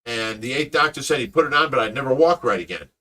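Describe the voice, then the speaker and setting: A middle-aged man hosting a casual live chat, telling stories with lots of laughter and excitement. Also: mid-range voice, fast talker, distant mic. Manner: animated storyteller, laughs often. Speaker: fish rescue owner and host.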